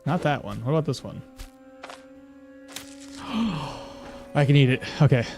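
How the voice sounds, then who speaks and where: Animated man streaming a game. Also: mid-range voice, slow pace, vocal fry, soft background music. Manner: chatty, thinks aloud and answers chat. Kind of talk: live gameplay commentary.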